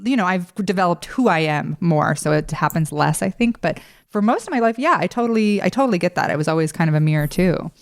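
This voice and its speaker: A woman's voice: on the low side, animated, fast talker, hardly any pauses, no echo, studio quality. A middle-aged woman hosting a podcast, talking in a friendly, chatty way and laughing easily. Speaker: podcast host. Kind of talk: casual podcast conversation.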